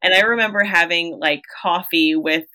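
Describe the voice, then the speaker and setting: Woman co-host, expressive and quick to laugh, bright tone. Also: fairly low pitch. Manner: expressive, laughs while talking. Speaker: podcast co-host. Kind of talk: casual chat.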